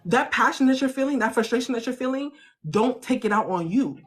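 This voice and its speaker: A woman host giving animated, slangy motivational coaching in a casual chat. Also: on the high side, a little fast, soft background music.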